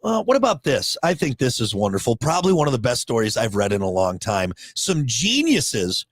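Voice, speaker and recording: A man's voice: mid-range voice, very animated, a little fast, no room sound. A man co-hosting a casual talk show, rambling and joking with frequent restarts. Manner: rambling, jokey, many restarts. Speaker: co-host. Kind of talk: casual chat.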